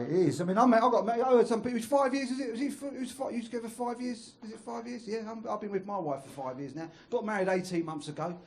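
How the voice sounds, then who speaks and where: A male stand-up comedian from London with a London accent, chatting with the crowd and delivering crude punchlines. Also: sits high. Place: comedy club stage. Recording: live comedy club, noisy.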